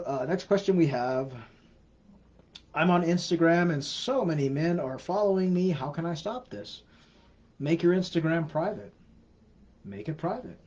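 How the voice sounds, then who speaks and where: A man's voice: a little high, a little mellow. A middle-aged man hosting a casual livestream Q&A, chatty, with frequent restarts and repeated words. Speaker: host of a scam-awareness livestream. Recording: slightly dull lo-fi livestream audio.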